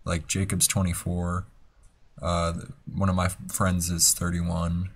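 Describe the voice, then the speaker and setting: A man's voice: sits low, completely flat delivery, a little slow, breathy edge. A young man in college hosting a casual podcast, talking in a laid-back, rambling way. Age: young adult. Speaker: podcast host. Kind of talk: casual chat. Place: college dorm room.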